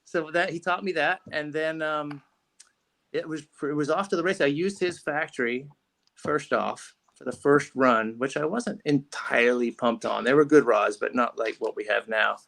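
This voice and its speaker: A man's voice: on the high side, normal speed, creaky, fairly bright tone. A man being interviewed on a podcast, telling a rambling story with lots of restarts and fillers. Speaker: podcast guest, fishing rod company founder.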